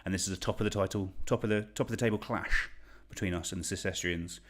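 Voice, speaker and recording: Quiz host, young English man, deep voice, casual and chatty, pokes fun at himself. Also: steady tone, fast. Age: young adult. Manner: chatty, self-deprecating, reads shout-outs. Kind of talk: casual quiz hosting livestream.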